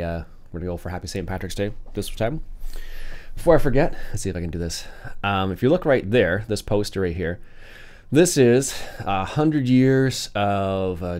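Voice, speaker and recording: A young man with a low, deep voice hosts his daily vlog. He chats in an easygoing, meandering way, often pausing on "um" and correcting himself mid-sentence. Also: a little mellow. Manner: rambling, easygoing, with frequent ums and self-corrections. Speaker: vlog host. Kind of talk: casual chat to camera.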